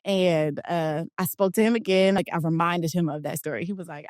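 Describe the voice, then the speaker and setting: A woman from Philadelphia, a guest telling an animated story in a casual interview and acting out the quotes. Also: lowish voice, brisk, few pauses, no room sound, clean studio sound. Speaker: guest, basketball players' union director.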